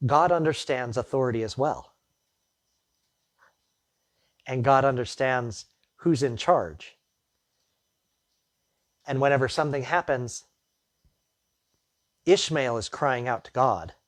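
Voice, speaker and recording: A man's voice: mid-range voice, animated, a little slow, long pauses, no echo, clean studio sound. A man preaching a sermon as pastor, reading the Bible passage and then retelling the story in plain, conversational words with his own asides.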